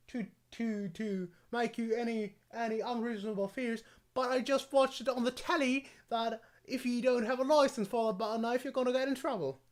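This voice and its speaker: A man putting on an exaggerated working-class English accent to play a rowdy, threatening bloke, in a loud, mocking parody. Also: very high-pitched, voice pushed up.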